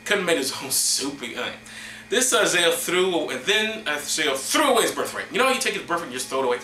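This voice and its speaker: A man's voice: a little high, a little fast, slight background noise. Hammy man reading scripture in an echoey room. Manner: deadpan asides, hammy dramatic reading. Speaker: host. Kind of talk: mock-solemn comedic scripture reading.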